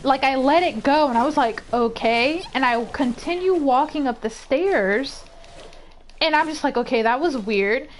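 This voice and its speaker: A woman streamer telling a story in a casual, profane, animated way, rising to heated outbursts. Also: high-pitched, moderate pace, a little hiss or hum. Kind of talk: casual storytime while gaming. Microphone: desk microphone.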